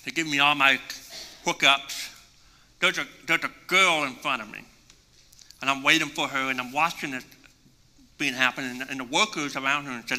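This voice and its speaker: A male pastor preaching a sermon and telling a story with animated swings between hushed and loud delivery. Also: fairly high pitch, fairly quick. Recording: long reverb in a large hall.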